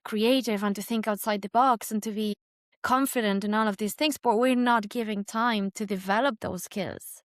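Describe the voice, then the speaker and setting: A woman with a smooth, clear voice, talking as a podcast host. She speaks earnestly in long run-on sentences. The recording is dry and close-miked. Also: mid-range voice, fairly even intonation, moderate pace, dry recording. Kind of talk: casual interview conversation.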